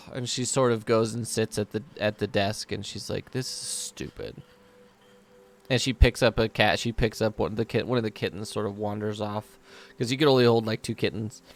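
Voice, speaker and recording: A man's voice: on the low side, steady tone, fairly quick. A man narrating as game master in a tabletop game, casual and laughing, with lots of fillers.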